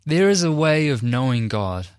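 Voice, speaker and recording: A man's voice: medium pitch, very animated, normal speed, darkish tone, clear, resonant tone, no echo, studio quality. A young man earnestly telling a personal testimony in a conversational way. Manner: earnest, conversational, emotional retelling. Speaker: Christian speaker and performer.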